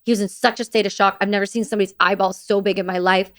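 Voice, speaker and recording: A woman, a military veteran and podcast guest, recounting war memories in a halting way, with restarts and blunt swearing. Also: mid-range voice, steady tone.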